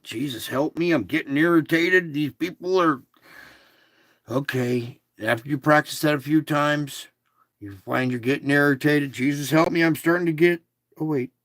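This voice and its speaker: A man talks through a devotional at an unhurried pace, reading passages and then explaining them plainly to his listeners. His voice sits at an ordinary middle pitch and sounds dry and close, with no room around it. He keeps checking in with his listeners as he goes. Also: dry recording. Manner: conversational, checks in with "okay?"; reads devotional passages aloud, then comments. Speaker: devotional teacher. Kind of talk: casual devotional teaching.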